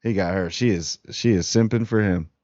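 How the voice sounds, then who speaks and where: Male TV reviewer, relaxed and slangy, dull lo-fi sound with no room echo. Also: sits low, normal speed. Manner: rambling, slangy, laid-back. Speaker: TV show reviewer. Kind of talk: casual spoiler review.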